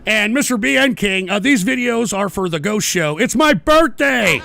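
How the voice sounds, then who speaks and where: A man's voice: high voice, animated, moderate pace, vocal fry, pushed and bright, some chatter behind, slight background noise. A man hosting a live-stream show, reading chat messages and answering them with profane, combative rants. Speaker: livestream radio host.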